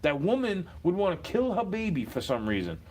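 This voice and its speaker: Man ranting, somewhat high voice. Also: wildly swooping pitch, a little fast, slight background noise. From United States. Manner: combative, swings from muttering to shouting. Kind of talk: profane ranting monologue.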